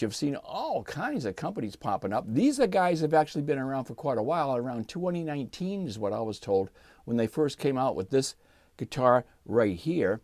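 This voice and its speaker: An older man hosting his channel, giving a relaxed, chatty review and demo of a guitar and explaining as he goes. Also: fairly high pitch, dry recording. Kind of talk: casual product review and demo.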